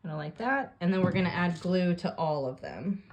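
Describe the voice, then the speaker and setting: Calm lower-voiced woman teaching a craft. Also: moderate pace, dull audio. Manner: calm step-by-step instructions while working. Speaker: craft tutorial host. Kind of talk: hands-on craft tutorial.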